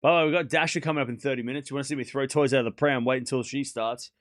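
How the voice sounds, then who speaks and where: A man's voice: medium pitch, fairly even intonation, racing, no echo, clean studio sound. A man on a live stream, calling tennis points and chatting and teasing with his chat. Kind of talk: casual live-stream commentary.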